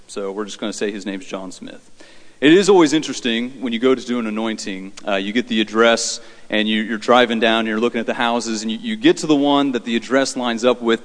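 Priest telling a story in a reverberant church. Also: male voice, mid-range voice. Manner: conversational, halting with fillers and repeats. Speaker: Catholic priest. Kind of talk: homily storytelling.

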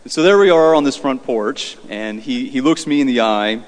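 A man, a Catholic priest, giving a conversational homily with halting fillers and repeats, in a church with long reverb. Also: medium pitch, expressive. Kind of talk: homily storytelling.

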